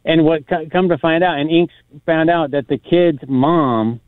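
A man's voice: a little high, measured pace, no echo. A man in casual podcast chat, telling a rambling story with lots of fillers and acted-out quotes. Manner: rambling, many restarts and fillers, acts out quotes. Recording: tinny phone-like sound.

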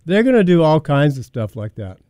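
A man's voice: on the high side, very animated, a little fast, dark tone, clean tone, no echo, clean studio sound. A man hosting a call-in radio show, taking callers with short, easygoing remarks. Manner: brief, easygoing interjections. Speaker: radio host.

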